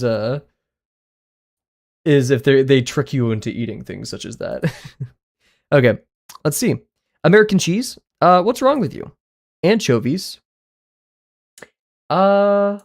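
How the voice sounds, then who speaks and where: Streaming live, a man chats loosely with his viewers, offering blunt, offhand verdicts and apologizing readily. His voice sits in an ordinary middle range with a darkish tone.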